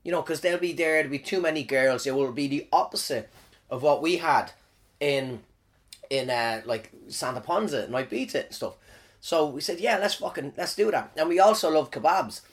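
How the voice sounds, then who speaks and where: A man's voice: fairly high pitch, moderate pace. A man in his thirties, hosting a podcast alone and telling crude comic stories, swearing and rambling with frequent restarts. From Ireland. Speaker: podcast host. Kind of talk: casual comic storytelling monologue.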